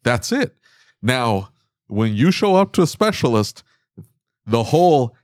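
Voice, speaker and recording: A man's voice: medium pitch, big pitch swings, measured pace, dry recording. A man with a middling voice chatting casually about running a repair shop. He talks plainly and jokes as he goes. The recording is dry and close. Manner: joking, plain-spoken. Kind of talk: casual business chat.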